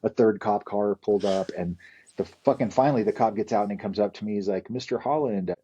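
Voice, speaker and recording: A man's voice: fairly low pitch, quick pace, mellow, breathy edge. A middle-aged man telling candid, profane stories from his past in a casual interview. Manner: candid, profane, rambling storyteller. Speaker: podcast guest.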